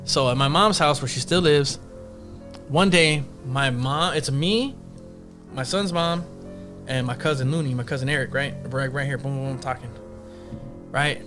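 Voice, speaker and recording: A man's voice: mid-range voice, normal speed, long pauses, over music. A man casually telling a ghost story on a podcast, profane and slangy, acting out the other people's lines. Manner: profane, slangy, acts out quotes in voices.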